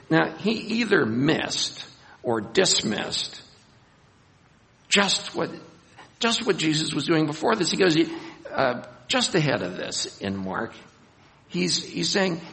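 A man preaching a Bible sermon, animated, acting out scenes and raising his voice for emphasis. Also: a little high, slow pace, creaky. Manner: animated, acts out scenes with rising voice. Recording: long hall reverb.

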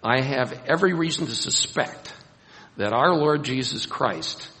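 A man preaching a Bible sermon, animated, acting out scenes and raising his voice for emphasis. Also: medium pitch, measured pace. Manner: animated, acts out scenes with rising voice. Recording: long hall reverb.

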